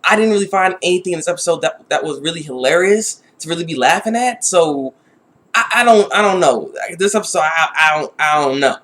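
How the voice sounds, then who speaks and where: A man with a high, light voice talks through an anime episode in a loose, unscripted way. He restarts his sentences, leans on "like," and sounds exasperated. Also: expressive, a little fast, fairly bright tone. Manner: rambling, many restarts and "like". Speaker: anime reviewer. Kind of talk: casual spoken review.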